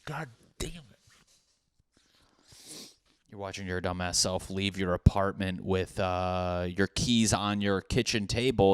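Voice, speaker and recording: A man's voice: on the low side, clear, resonant tone, no echo, studio quality. A young man hosting a solo comedy podcast, rambling and self-mocking, often slipping into silly put-on voices. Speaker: podcast host.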